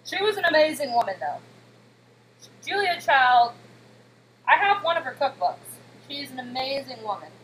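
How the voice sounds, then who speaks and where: A woman's voice: sits high, sing-song, normal speed, long pauses, fairly bright tone, a little hiss or hum, rough recording. A woman in her thirties in a home kitchen, chatting casually with her live chat while she walks through a recipe. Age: 30s. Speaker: cooking streamer. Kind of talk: casual live-stream cooking demo.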